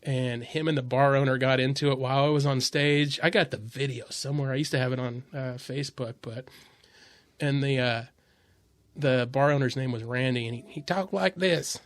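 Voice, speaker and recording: This comedian hosts a podcast from a studio, spinning profane, laid-back stories from the road, laughing throughout and going loud when he voices other people. His mid-range voice stays level and fairly quick, with no room sound.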